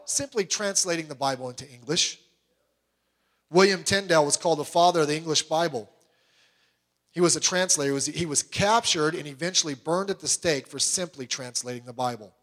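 A man with a high, light voice preaches a sermon. He talks with strong emphasis and keeps firing rhetorical questions at the congregation. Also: brisk, fairly bright tone. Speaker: pastor.

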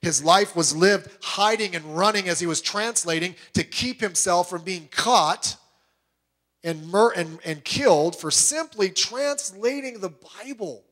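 A man's voice: high voice, measured pace, fairly bright tone. A man preaching a sermon as a pastor, emphatic and full of rhetorical questions put straight to the listeners.

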